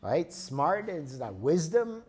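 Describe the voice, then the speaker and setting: A man's voice: on the high side, sing-song, takes it slowly, darkish tone, breathy edge. A man giving a lecture and answering an audience member, explaining patiently and often checking in with "okay?" and "right?". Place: lecture room.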